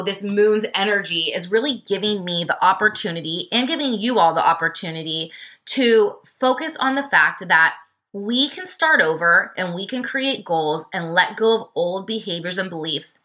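A young woman talks through her own podcast in a bright, clear voice. She tells the story in a loose, chatty way, with lots of fillers and asides to her listeners, and her pitch jumps high when she gets animated. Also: normal speed. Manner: chatty and expressive, filler-heavy, addresses listeners as y'all. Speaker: podcast host. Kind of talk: casual solo podcast storytelling.

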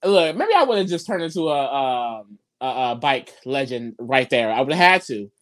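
A relaxed co-host whose pitch moves freely while reacting to a partner's story. The delivery is laid-back and slangy, built on short interjections and quick takes. It sounds like a casual recap conversation. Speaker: podcast co-host. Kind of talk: casual reality-show recap chat.

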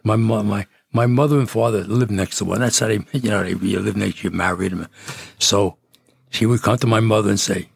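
Gravelly old New man. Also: on the low side, steady tone, fairly quick, no room sound, clean studio sound. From Jersey City, New Jersey. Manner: rambling, with frequent restarts and chuckles. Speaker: guest. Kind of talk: casual storytelling.

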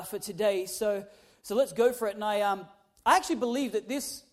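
A young man, a pastor, telling a funny personal story in his sermon, animated and humorous with loud emphatic peaks. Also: sits high. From Australia.

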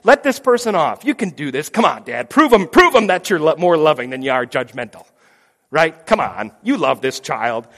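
A man's voice: a little high, very animated, moderate pace, fairly bright tone. A man acting out Jesus pleading emotionally with his father in a sermon. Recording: long hall reverb.

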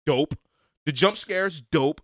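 A man chatting about a movie in a casual comedy talk, telling the story with animated, exclamatory, profane energy. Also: fairly high pitch, slow pace, dry recording, studio quality.

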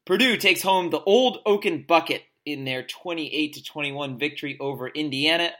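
Male co-host, bright voice, wry and joking while reading recaps. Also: fairly high pitch, moderate pace. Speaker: podcast co-host. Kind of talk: casual sports podcast chat, reading score recaps.

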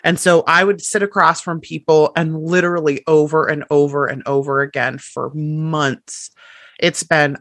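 Woman coach, podcast guest, lively and expressive, quotes clients in their voices; dry, close recording. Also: low voice, normal speed, dry recording. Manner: animated, acts out quotes of clients and herself. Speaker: strengths coach. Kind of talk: podcast interview.

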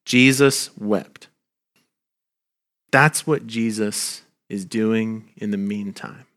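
A man preaching a sermon as a pastor, earnest and gentle, his voice dropping soft at the ends of lines. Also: lowish voice, slow. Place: church.

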